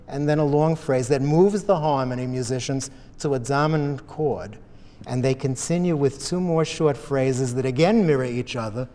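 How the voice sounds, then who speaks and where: A man narrates a music history program in a measured, explanatory way, quoting lyrics as he analyzes song structure. His mid-pitched voice carries a long reverb tail. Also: a little mellow. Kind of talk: scripted narration mixed with live event commentary.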